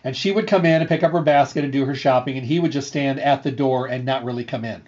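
A middle-aged man hosting a health show, telling a story in an earnest, repetitive way with lively energy. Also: medium pitch, fast. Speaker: radio show host and health food store owner. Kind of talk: casual storytelling monologue. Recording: slightly dull, lo-fi sound.

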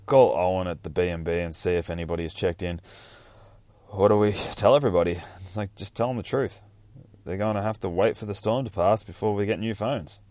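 A man's voice: deep voice, fairly even intonation, a little fast, a little mellow, no room sound. A man casually reading through a comic book, cursing freely and rambling about the panels. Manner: profane, rambling, bursts of hype. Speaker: comic reader vlogger.

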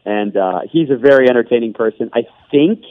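A man's voice: mid-range voice, lively intonation, fairly quick, dry recording. A man, a guest broadcaster, chatting on a radio show in a rambling way with restarts and laughs. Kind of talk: radio interview chat. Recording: dull remote line.

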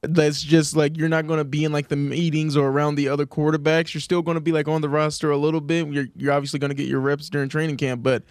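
Male co-host, slightly high voice, dry close sound, loose and tentative. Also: flat delivery, fast talker, hardly any pauses, darkish tone, clear, resonant tone, no room sound. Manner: tentative, filler-heavy, laid-back. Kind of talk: casual sports talk.

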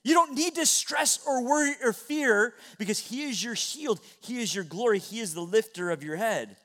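A middle-aged man preaching from the pulpit with a notably high voice. He moves earnestly between near-whispered passages and ringing, raised exclamations. The sound is of a sermon given in a church. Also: expressive, normal speed. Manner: earnest preaching, swings from hushed to loud. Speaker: pastor. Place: church sanctuary.

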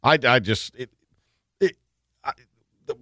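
A man's voice: mid-range voice, no room sound, clean studio sound. A man hosting a sports talk radio show, chatting and joking casually with his co-host, often restarting his sentences. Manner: animated, quick to joke, restarts sentences.

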